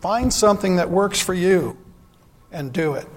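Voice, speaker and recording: Earnest church speaker, man, high voice, asks his flock pointed questions. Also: lively intonation, unhurried, in a large hall. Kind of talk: sermon.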